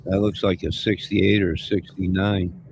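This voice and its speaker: A man's voice: sits low, level tone, measured pace, gravelly, slight background noise. A man co-hosting a livestream, chatting casually and rambling while he repeats himself. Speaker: livestream co-host.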